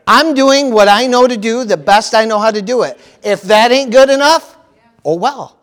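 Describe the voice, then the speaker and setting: Male pastor, very high-pitched voice, animated sermon delivery with comic panicked voices. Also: moderate pace. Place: church.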